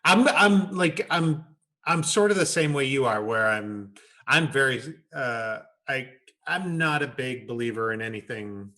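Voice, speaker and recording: A male podcast co-host chatting casually, quick to laugh and joke at himself. His voice is bright and crisp with a mid-range pitch. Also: animated. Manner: self-deprecating, laughs often.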